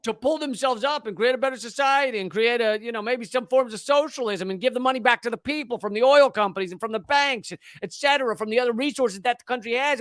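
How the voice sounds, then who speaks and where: A man's voice: very high voice, fast, hardly any pauses, a bit bright, dry recording. A man, a comedian, ranting sarcastically and with lots of swearing as he reads from and reacts to a news article. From United States. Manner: profane, sarcastic and exasperated. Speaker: comedian and political commentator.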